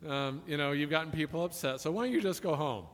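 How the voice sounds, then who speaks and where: A preacher doing a calm police officer. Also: male voice, a little high, quick pace, pitched below the performer's own voice, natural voice. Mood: firm. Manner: steady, matter-of-fact. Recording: long reverb of a large hall.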